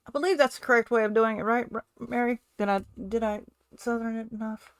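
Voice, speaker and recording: A woman's voice: on the high side, fairly even intonation, fairly quick, smooth, dry recording, studio quality. A woman from California chatting casually while she journals. She thinks aloud as a streamer and laughs often. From California, USA.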